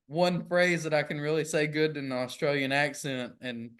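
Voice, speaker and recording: A man's voice: a little high, level tone, moderate pace, a bit bright, clean tone. A man, co-hosting a podcast in casual, joking, playfully incredulous chat. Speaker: podcast co-host.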